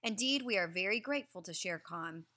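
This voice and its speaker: Woman reading a quiet, grave mother wolf, calm and wary. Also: mid-range voice, brisk.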